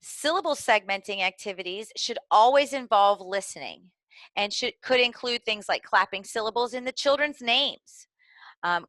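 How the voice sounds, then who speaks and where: Bright-voiced Southern woman teaching teachers. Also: mid-range voice, no room sound. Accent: Southern American. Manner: earnest, explanatory, occasional fillers and restarts. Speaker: early literacy trainer. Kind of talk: instructional video for teachers.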